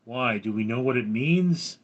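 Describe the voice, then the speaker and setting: A man's voice: medium pitch, animated, unhurried, dull audio. A man hosting a live stream, who reads viewer names from chat and teases them. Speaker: livestream host. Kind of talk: casual live chat reading.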